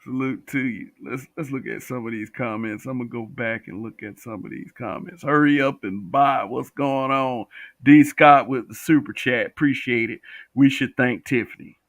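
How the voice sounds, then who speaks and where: A man's voice: medium pitch, normal speed, a bit bright, no room sound, clean studio sound. A man hosting a livestream, talking bluntly with profanity and reading viewer comments. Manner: blunt, profane, talks back to chat.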